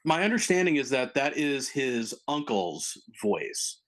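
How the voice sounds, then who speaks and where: A man's voice: mid-range voice, big pitch swings, unhurried. A man on a casual film podcast who talks in an enthusiastic, rambling way, hedging as he goes. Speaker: podcast co-host.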